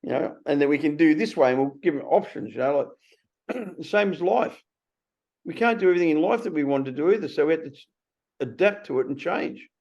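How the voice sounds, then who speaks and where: An Australian man in his sixties hosting a casual conversation, blunt and animated, swearing freely. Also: a little high, fast, gravelly. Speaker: podcast host. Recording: slightly muffled recording.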